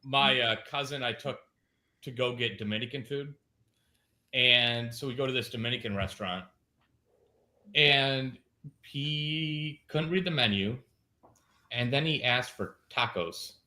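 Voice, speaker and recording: A man's voice: medium pitch, measured pace, long pauses, sharp tone. A man joining a casual panel chat on a video call, telling laid-back anecdotes. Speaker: panel guest.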